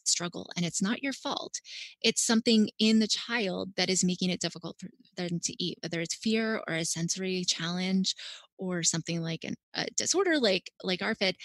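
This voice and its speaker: A woman's voice: mid-range voice, no echo. Woman guest, dietitian, chatty and encouraging, dry close sound. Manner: upbeat, advice-giving, uses "like" often. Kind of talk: casual podcast interview.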